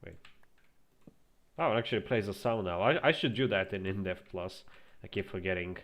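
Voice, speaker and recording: A man's voice: lowish voice, expressive, moderate pace, a bit bright. A man streaming a building game, chatting casually and musing aloud with frequent restarts. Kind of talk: casual gameplay commentary.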